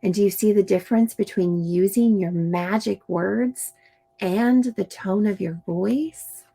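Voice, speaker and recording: A woman reading aloud and explaining to young children in a slow, gentle teaching manner. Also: medium pitch, vocal fry. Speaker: storytime reader and teacher.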